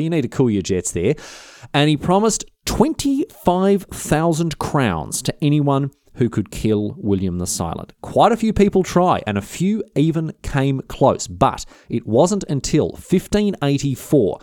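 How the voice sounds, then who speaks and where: A man's voice: mid-range voice, mellow, no echo, studio quality. A man with an Australian accent telling a history story casually, chatty and slangy, with many restarts.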